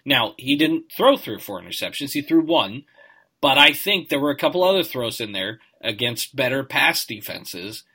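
A man's voice: mid-range voice, very animated, normal speed, bright, forceful tone, slightly rough. A man with a nasal voice co-hosting a sports podcast, analytical and hedging, often tagging "right?". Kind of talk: casual chat.

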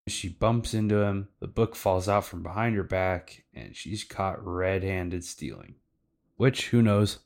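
A man hosting a podcast, recapping cartoon episodes in loose, casual talk with fillers and swearing. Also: sits low. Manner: loose, profane, lots of fillers. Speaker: podcast host.

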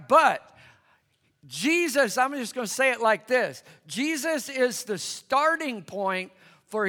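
A man's voice: extremely high pitch, sharp tone. A man preaching a sermon, calling on the congregation to answer him. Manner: conversational, calls for congregation to respond. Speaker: pastor. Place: church hall with congregation. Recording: long hall reverb.

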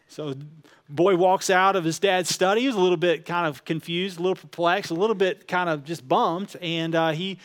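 A man preaching a sermon as pastor, telling stories in a relaxed way with many fillers. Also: high-pitched, brisk. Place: church auditorium.

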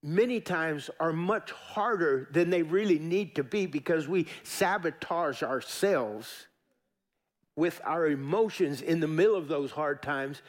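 A middle-aged pastor delivers a sermon in a fairly high voice. He preaches in a folksy, emphatic way, repeating phrases for weight and turning to the congregation with asides. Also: measured pace.

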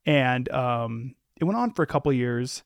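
Podcast host dude, slow and searching for words, dead dry mic. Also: male voice, medium pitch, lively intonation, gravelly, dry recording. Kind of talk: interview podcast.

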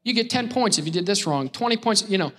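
Male pastor, high-pitched, playful preacher who works the room and keeps calling for responses. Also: expressive, fast, a bit bright. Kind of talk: lively sermon with crowd call-outs.

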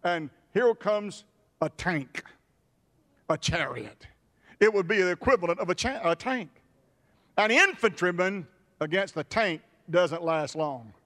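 A pastor preaching a sermon with emphatic repetitions. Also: male voice, sits high, lively intonation, measured pace, pauses often, fairly bright tone, big-room sound.

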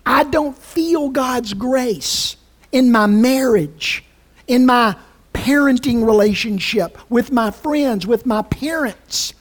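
A woman's voice: on the high side, slow. A woman preaching a sermon with passion and emphasis, often restarting her phrases.

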